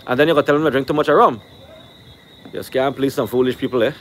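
A man hosting a live stream from a rooftop cookout, reeling off shout-outs and ranting at critics in a brash, animated way. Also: mid-range voice, fast talker, a little hiss or hum.

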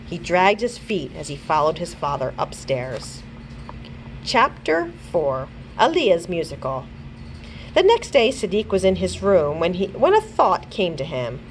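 A woman librarian reading a children's chapter book aloud in an expressive storytelling voice. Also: on the low side, a little hiss or hum, low-quality recording. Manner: pauses to check pronunciation of words. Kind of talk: children's read-along narration.

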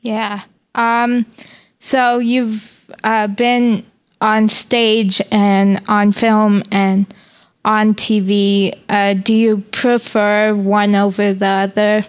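A woman with a fairly high, smooth and clear voice asks her questions very slowly. She pauses often and fills gaps with hesitant fillers. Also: flat delivery. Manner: hesitant, many "um"s. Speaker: interview host. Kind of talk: interview questions.

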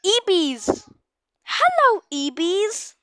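A woman giving excitable, panicky game commentary, often repeating her exclamations. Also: extremely high pitch, very slow, no room sound, clean studio sound. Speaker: gamer.

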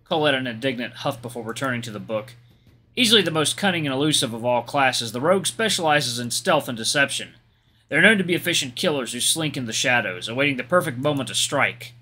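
A man's voice: mid-range voice, animated, fast, sharp tone, slightly rough, faint music behind. A man reading a visual novel aloud as a let's play host, with casual joking asides.

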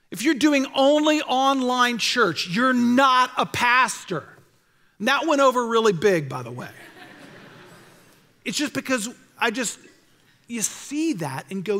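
High-voiced, bright exhorting pastor. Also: male voice. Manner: earnest, exhorting, repeats key phrases. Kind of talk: sermon. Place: church sanctuary. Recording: reverberant church hall.

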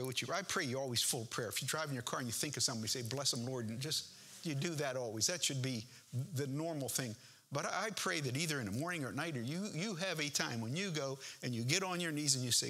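Husky-voiced pastor preaching with passion. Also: male voice, a little high, animated, a little fast, sharp tone. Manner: earnest, impassioned preaching with rising emphasis. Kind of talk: sermon. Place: church.

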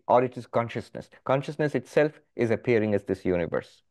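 A middle-aged man, a monk, teaching a philosophy class, explaining step by step with lively emphasis. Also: mid-range voice, normal speed, few pauses. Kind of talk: philosophy lecture.

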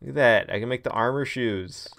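A man's voice: mid-range voice, a little fast, creaky, a bit bright. A man streaming a cozy life-sim game, chatting casually and thinking aloud, laughing easily at what happens on screen. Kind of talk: casual gameplay livestream commentary.

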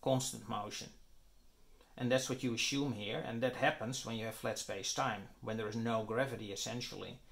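A man's voice: medium pitch, fairly even intonation, normal speed, vocal fry, fairly bright tone. A man lecturing on physics, explaining his derivation step by step and often checking in with "right?" and "okay?". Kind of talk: explaining at a whiteboard.

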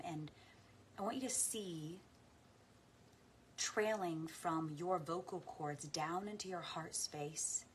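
A woman coach guiding listeners through a slow, soft meditation and spoken affirmations. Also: deep voice, a little hiss or hum. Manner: laughs into her words when playful. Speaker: spiritual coach. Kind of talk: guided meditation and affirmation practice. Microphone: talking to camera.

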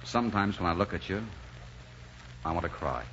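An actor playing an earnest young male composer in an old radio drama, shy and halting at first and then full of passion. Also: low-pitched, expressive, a bit bright, a little hiss or hum. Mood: tender. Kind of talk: 1940s radio acting. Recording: muffled old radio broadcast with music.

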